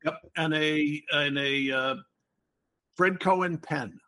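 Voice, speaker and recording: A man's voice: on the high side, slow, pushed and bright. An older man hosting a casual podcast chat, explaining word games in a playful, wordy way. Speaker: podcast host.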